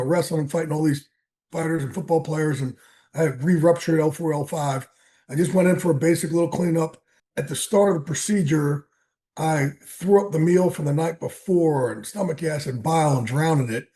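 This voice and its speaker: A man's voice: fairly high pitch, dark tone. A middle-aged man speaking frankly about his own past, with a self-deprecating and candid storytelling manner. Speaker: sports broadcaster and trainer.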